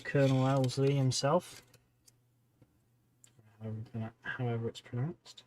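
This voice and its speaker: A man's voice: mid-range voice, a little slow, slight background noise. A man hosting a hobby livestream, chatting casually and rambling between tasks while he paints miniatures at home. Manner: relaxed rambling, talks to chat viewers between tasks.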